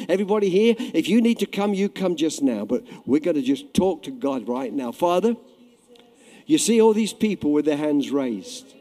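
Brief: fervent male preacher, dark mellow tone, lively rising and falling delivery, long church reverb. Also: high-pitched. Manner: impassioned, swings from shouting to hushed prayer. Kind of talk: sermon. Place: church hall. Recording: echoey hall.

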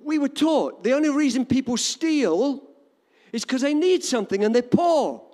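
A man's voice: very high voice, animated, normal speed, a little mellow, big-room sound. An older man with an English accent preaching a sermon in an emphatic, repetitive cadence. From England.

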